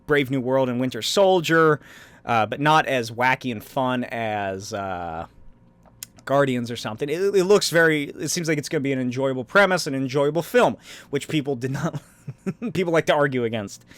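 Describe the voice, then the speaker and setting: A man's voice: mid-range voice, a bit bright, no echo. A man hosting a solo podcast, who talks in a rambling way with frequent chuckles and filler words. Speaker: podcast host. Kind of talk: casual solo podcast talk.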